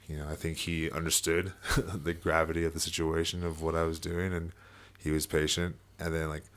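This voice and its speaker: Casually chatting on a podcast, this young man shares a long story from his own life in a very low voice. Filler words pile up, the profanity flows freely, and he keeps laughing mid-sentence.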